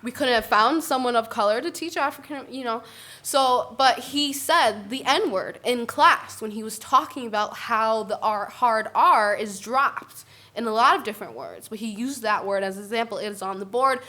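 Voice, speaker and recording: A woman speaking on a panel discussion, animated and often checking in with "right?". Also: a little high, moderate pace. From Puerto Rican family. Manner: animated, tags points with "right?".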